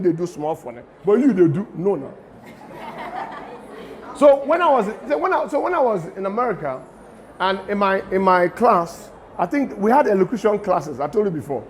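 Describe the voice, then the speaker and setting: A middle-aged Nigerian man with a Nigerian accent, giving a lively lecture to students and mixing in pidgin asides. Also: high voice, normal speed. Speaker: guest lecturer.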